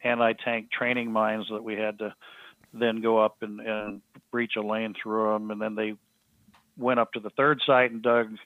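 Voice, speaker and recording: A man's voice: fairly low pitch, level tone, no room sound. Earnest man telling a story over a phone-like line. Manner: halting, many restarts and fillers, earnest. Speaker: podcast guest. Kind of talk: storytelling in an interview. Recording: thin phone-like line, dry.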